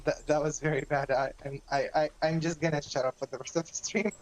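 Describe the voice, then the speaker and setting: A woman's voice: low-pitched, fairly even intonation, brisk, darkish tone, a little hiss or hum, low-quality recording. Giggly, rambling woman chatting. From another country. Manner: rambling, stumbling restarts, giggly. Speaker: co-host chatting on a game stream. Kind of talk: casual chat.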